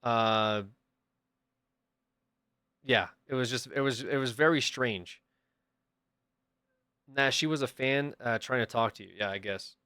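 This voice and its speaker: A young man, a livestreamer, casually telling a story to his chat and acting out the people in it with sudden loud bursts. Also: medium pitch, slow, pauses often, smooth, no room sound, clean studio sound.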